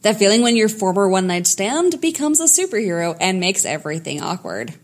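Lively woman narrating a story. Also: mid-range voice, a little fast. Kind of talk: narrating fan fiction.

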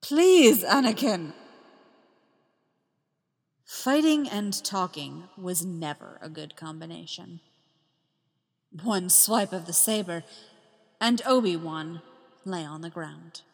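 A woman reading a story aloud, slow and soft-spoken, letting her phrases fall quiet at the ends. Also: on the low side, gravelly, in a large hall. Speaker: fan fiction reader. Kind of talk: storytelling narration.

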